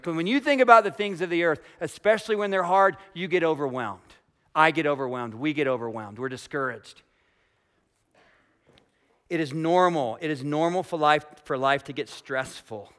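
Emphatic higher-voiced male pastor. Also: animated, normal speed. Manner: emphatic, swings from loud declarations to quiet, intimate asides; asks the congregation direct questions. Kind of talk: sermon.

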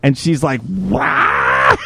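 A man hosting a podcast, telling stories in a profane, animated casual chat. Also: fairly high pitch, moderate pace, heavy background noise. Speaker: podcast host.

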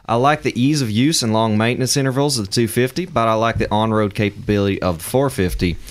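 A man co-hosting a podcast, reading a listener email aloud in a steady, joking way. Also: lowish voice, quick pace. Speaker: podcast co-host.

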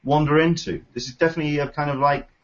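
Man, casual podcast host, excited and rambly, muffled lo-fi sound. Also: fairly high pitch, fast. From United Kingdom. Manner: enthusiastic, rambling with many fillers. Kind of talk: casual chat. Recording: dull lo-fi recording.

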